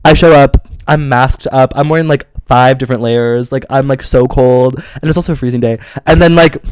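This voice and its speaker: A man's voice: mid-range voice, brisk, clear, resonant tone, no echo. Dramatic storytelling man, dry close mic. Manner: theatrical storyteller, heavy on "like". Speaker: podcast co-host. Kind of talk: casual chat.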